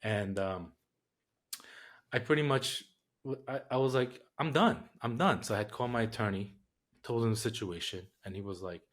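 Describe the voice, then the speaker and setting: A man's voice: lowish voice, moderate pace, long pauses. A man, a podcast guest telling a story in a casual, profane, streetwise way.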